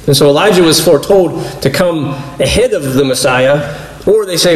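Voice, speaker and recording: A man with a fairly high voice preaches in a relaxed, conversational way, stopping to explain and slipping into little acted-out exchanges. The sound carries a noticeable echo from the room around him. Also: moderate pace. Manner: conversational, explanatory, acts out quoted dialogue. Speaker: pastor teaching a Bible study. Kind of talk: casual sermon.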